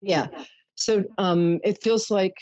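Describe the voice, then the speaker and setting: A woman's voice: medium pitch, steady tone, slow, a little mellow, no echo. Soothing woman psychic host, dull dry sound. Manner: soothing, showers callers with endearments. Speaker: psychic call-in show host. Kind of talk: call-in psychic reading.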